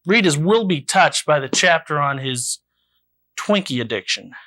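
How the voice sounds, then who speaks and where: Man, mock book review host, deadpan dry delivery, bright voice. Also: on the high side, unhurried.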